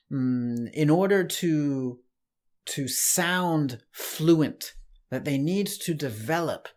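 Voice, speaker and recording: A man giving a casual online English lesson, relaxed and chatty, with light laughs and restarts. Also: on the high side. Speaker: English teacher.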